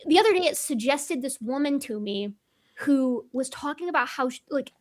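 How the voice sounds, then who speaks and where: Woman chatting on a stream, slightly high voice, jokey and animated. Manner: animated, joking, quick asides. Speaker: co-host guest. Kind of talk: casual livestream chat.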